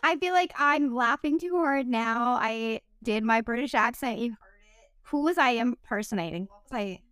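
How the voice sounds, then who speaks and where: Woman, podcast host, casual chat, filler-heavy, higher pitch, clean dry mic. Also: fairly bright tone, clean tone, no echo. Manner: chatty, many "like" fillers, quick asides and self-disclaimers.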